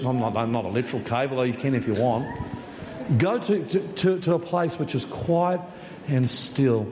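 An Australian man preaches as pastor in a fairly high voice. He drops to a hush, then builds again and repeats his key phrases for emphasis. The sound carries a roomy echo with a long hall tail and faint ambience behind. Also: slight background noise. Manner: swings from hushed to rousing, repeats phrases for emphasis. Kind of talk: sermon.

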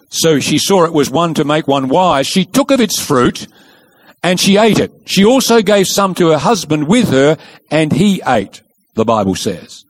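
A man's voice: on the high side, animated, moderate pace. A man preaching a sermon, telling the story with emphasis and rhetorical questions.

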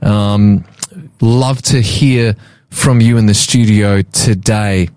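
A man's voice: lowish voice, steady tone, takes it slowly, a little mellow, no room sound. A man hosting a live Christian radio talk show from a studio, speaking earnestly with many fillers and restarts. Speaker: radio host.

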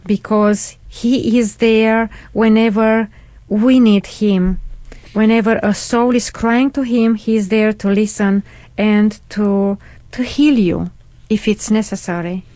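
A woman's voice: on the high side, darkish tone, dry recording. A middle-aged woman telling her personal faith testimony in an earnest, devout way, with hesitant restarts. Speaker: guest sharing a testimony.

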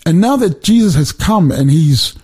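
Husky-voiced man teaching scripture. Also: a little high, moderate pace. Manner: animated, emphatic, restarts and repeats words while explaining. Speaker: Bible teacher. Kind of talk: conversational Bible teaching.

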